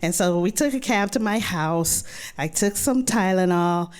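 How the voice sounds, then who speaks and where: A woman tells a true story on stage in a fairly low, even voice. She keeps breaking into animated, higher-pitched quotes of herself and her friends. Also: measured pace. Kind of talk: live personal storytelling.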